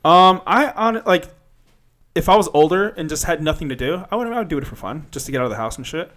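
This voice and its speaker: A young man who talks fast and in a slightly high voice, chatting casually on a podcast. He rambles, piles up fillers and restarts, and tells stories with animation. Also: lively intonation, a bit bright. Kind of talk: casual chat.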